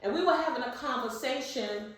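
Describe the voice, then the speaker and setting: A woman in her fifties co-hosting a podcast, talking loudly and bluntly with plenty of swearing in a casual political discussion. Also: high voice, a little fast. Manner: loud, blunt and profane. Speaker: podcast co-host. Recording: echoey room, distant mic.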